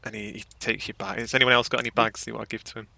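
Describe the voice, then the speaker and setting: Bright-voiced rambling game master. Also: male voice, fairly low pitch, flat delivery, rapid-fire, gravelly, dry recording. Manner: rambling, filler-heavy, casual description. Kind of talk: narrating a tabletop game.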